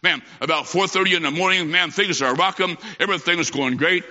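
A man's voice: high-pitched, brisk, bright, forceful tone. A man preaching a sermon, telling stories with emphasis and acting out quoted lines. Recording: muffled recording in a large hall.

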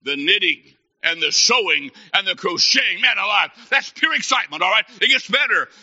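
A male Baptist preacher with a high, piercingly bright voice delivers a comic sermon, swinging from shouted mock excitement to soft earnest appeals. The recording sounds dull and lo-fi. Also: brisk. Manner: animated storytelling, mock excitement, drops to soft earnest tones. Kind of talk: humorous sermon.

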